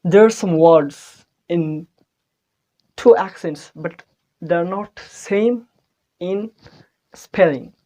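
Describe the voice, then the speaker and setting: A man's voice: high-pitched, very slow, long pauses, mellow, dull audio. A man giving a casual spoken-English lesson in an informal, hesitant way, spelling out words letter by letter. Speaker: English tutor.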